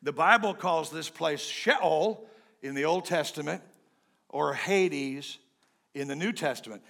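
Bright-voiced pastor joking in a sermon. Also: male voice, fairly high pitch, a little slow, gravelly. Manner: joking, conversational, swings loud and soft.

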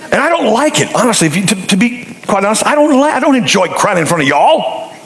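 A man preaching a sermon in a church, folksy and joking, telling animated stories to his congregation. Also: sits high, fast, reverberant, rough recording. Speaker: pastor. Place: church sanctuary.

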